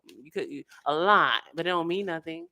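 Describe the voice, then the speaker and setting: Tarot reader, woman, low voice, animated and slangy, acts out quotes, dry close sound. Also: normal speed, no room sound. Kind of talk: casual tarot reading.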